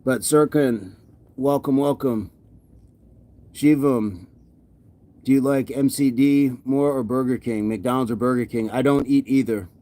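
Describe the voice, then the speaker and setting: With a warm, medium-pitched voice and a measured pace, a fitness livestreamer talks through his workout while winded and sweaty. He reads viewer comments aloud and tends to repeat himself in casual conversation.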